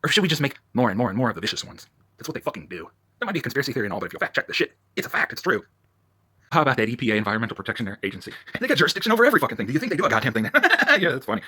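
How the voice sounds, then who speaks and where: A worked-up man ranting in a profane vlog, swinging between loud outbursts and low muttering. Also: huge pitch swings, very fast, slightly rough. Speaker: vlogger.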